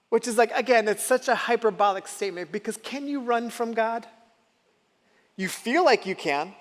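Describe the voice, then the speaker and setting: A man's voice: extremely high pitch, normal speed, long reverb tail. A male pastor preaching a conversational sermon, often putting questions to the congregation. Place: church sanctuary.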